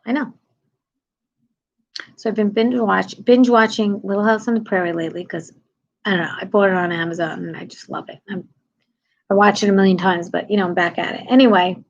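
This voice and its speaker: Chatty New woman livestreaming, husky. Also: mid-range voice, dull audio. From New York City. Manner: animated, chatty, drops to whispers for asides. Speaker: comedian livestreaming to viewers. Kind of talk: casual livestream chat.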